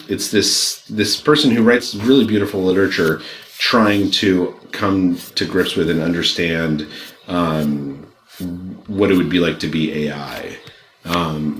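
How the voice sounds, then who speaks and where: A man guest on an interview, speaking in a thoughtful, halting way with many pauses and restarts. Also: low voice, a bit bright, echoey room, a little hiss or hum, poor audio. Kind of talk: remote interview.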